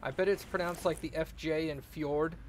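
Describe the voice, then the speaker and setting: Chatty, higher-voiced male streamer. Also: fairly even intonation, moderate pace, slight background noise. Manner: rambling, joking, chatty with viewers. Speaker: let's play streamer. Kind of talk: casual gameplay chat.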